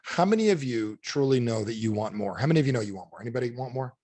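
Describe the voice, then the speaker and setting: A man's voice: mid-range voice, expressive, quick pace, warm tone, no echo. A man giving a live seminar talk as a motivational trainer, blunt and salty, who keeps quizzing the audience with "how many of you" questions.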